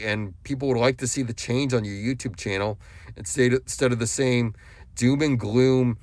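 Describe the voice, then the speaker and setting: A man's voice: mid-range voice, no echo. A young adult man delivering a scolding monologue at another YouTuber, lecturing in a contemptuous, repetitive way. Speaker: YouTube commentator.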